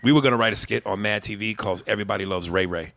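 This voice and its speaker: A man co-hosting a comedy podcast, talking in a profane, mocking, animated way on a close mic. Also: fairly low pitch, racing, dry recording. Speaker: podcast co-host. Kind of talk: casual comedic chat.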